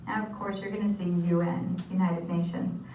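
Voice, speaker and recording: A woman's voice: lowish voice, little pitch movement, moderate pace, warm tone. A woman teaching sign language vocabulary, patiently saying each term and repeating it. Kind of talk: instructional explanation. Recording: echoey room from a distance with noise.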